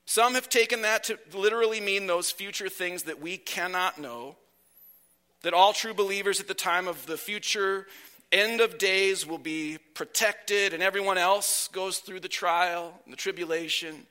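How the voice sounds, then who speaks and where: A male pastor delivers a sermon in a high, bright voice. He moves at a slow, deliberate pace, and his phrases trail off quietly. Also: clear, resonant tone.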